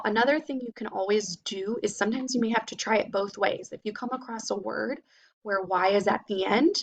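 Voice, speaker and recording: A woman teacher giving a slow, patient phonics lesson, sounding words out for young children. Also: medium pitch.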